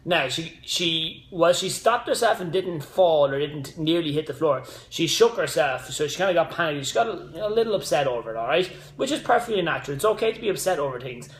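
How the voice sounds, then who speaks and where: Guy coaching live, chatty and rambly with pep-talk bits, bit high-pitched, roomy echo. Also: lively intonation, fairly quick, hardly any pauses. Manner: chatty, rambling with side notes and motivational asides. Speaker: fitness coach and host. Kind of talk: casual live-stream monologue. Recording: echoey room.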